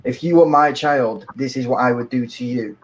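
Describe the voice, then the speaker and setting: A man's voice: medium pitch, moderate pace, lo-fi sound, a little hiss or hum. A man calling into a live stream, arguing in a pompous, formal manner. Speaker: caller. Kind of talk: heated live-stream argument.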